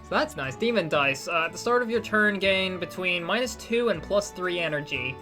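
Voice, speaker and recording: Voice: mid-range voice, lively intonation, moderate pace, bright, forceful tone, soft background music. A streamer with a slight British accent chatting casually while playing a game live, answering chat and often restarting sentences.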